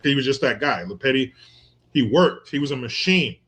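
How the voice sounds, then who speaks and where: A man riffing in casual commentary, crude and joking, often breaking into laughter. His voice sits at an ordinary middle pitch, and he keeps drifting off into long, meandering stories. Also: expressive, normal speed, fairly bright tone. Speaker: commentator reacting to a viral clip.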